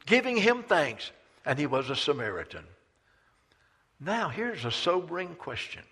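Slow, dramatic male preacher in a reverberant hall. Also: mid-range voice, husky. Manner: dramatic preaching, swinging from loud declarations to hushed asides. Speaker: pastor. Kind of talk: sermon. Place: church sanctuary.

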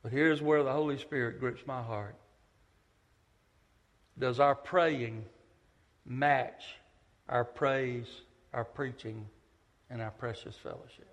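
A man preaching a sermon, telling stories with big swings from loud to hushed. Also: medium pitch, steady tone, takes it slowly, long pauses. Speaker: pastor, visiting preacher. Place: church sanctuary. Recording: echoey church hall.

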